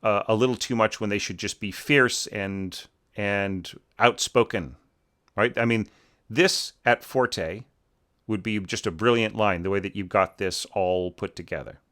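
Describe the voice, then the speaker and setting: An orchestration teacher reviews a score in a loose, rambling critique packed with fillers, singing the phrases as "bum bum." His voice is fairly low, unhurried and a bit bright.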